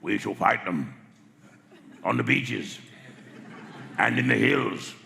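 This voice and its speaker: A man doing a gruff elderly wartime leader. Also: on the low side, expressive, slow, sharp tone, a little hiss or hum, voice pushed down, exaggerated voice. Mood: defiant. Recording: reverberant live venue recording.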